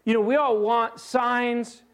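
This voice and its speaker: A man pastor preaching a sermon in a conversational, animated way, with frequent fillers and restarts. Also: extremely high pitch, slow pace.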